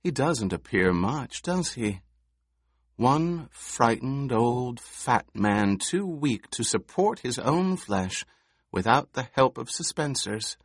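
A man's voice: medium pitch, sing-song, slow pace, slightly rough, no echo, clean studio sound, voice pushed up, heavily acted. A man voicing an unafraid four-year-old girl with a thin, lisping voice and a cool, scornful way of speaking, in an audiobook. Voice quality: thin voice with a soft lisp. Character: eerie calm little girl of four, unafraid.

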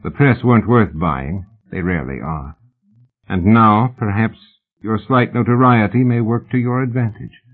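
A man's voice: on the low side, moderate pace. Man doing a cold, formal rich old collector. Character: wealthy old male collector, cold and precise. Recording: tinny phone-like sound.

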